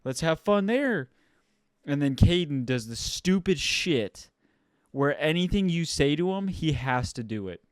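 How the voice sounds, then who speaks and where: A man's voice: on the high side, unhurried, smooth, no room sound, clean studio sound. A young man from Ohio, co-hosting a podcast and telling a story in an exasperated, swearing, casual way. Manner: swears a lot, animated and exasperated. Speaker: podcast co-host.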